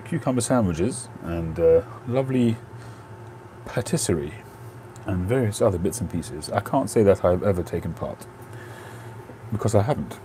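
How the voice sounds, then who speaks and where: A man's voice: deep voice, lively intonation, moderate pace, dark tone, slight background noise. A man hosting a casual live stream from home on a phone, chatting and answering viewers' comments.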